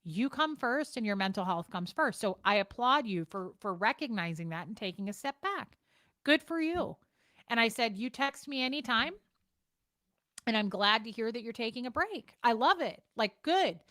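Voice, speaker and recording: A woman's voice: on the high side, fairly bright tone, no room sound. Woman streamer, casual chat, blunt and swearing, dry close mic, home setup. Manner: blunt, profane, fast-shifting delivery. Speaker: livestream host.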